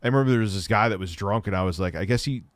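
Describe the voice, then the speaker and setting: A man's voice: on the low side, rapid-fire, no room sound. A man hosting a casual livestream Q&A, reading viewer questions aloud and answering in a rambling, profane way.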